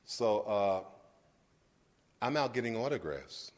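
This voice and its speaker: Animated man telling a story at a lecture. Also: fairly low pitch, takes it slowly. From Brooklyn, New York, United States. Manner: animated, acts out scenes, addresses the audience directly. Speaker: guest lecturer.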